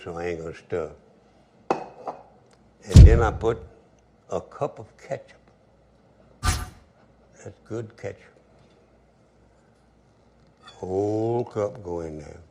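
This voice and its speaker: Gravelly older man cooking. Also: deep voice, measured pace, long pauses, background noise. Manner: folksy, chatty, talks to himself while working. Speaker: cook. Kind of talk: cooking demonstration with storytelling. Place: home kitchen at the stove.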